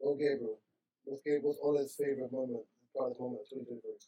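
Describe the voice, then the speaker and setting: A man's voice: medium pitch, fairly even intonation, fast, dark tone, husky, lo-fi sound. A man co-hosting a casual group podcast, laid back, laughing easily and steering the topics. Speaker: podcast co-host. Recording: roomy room sound.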